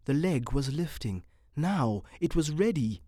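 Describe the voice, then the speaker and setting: A narrator reading literary fiction aloud in a measured, expressive way. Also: mid-range voice, dry recording, clean studio sound.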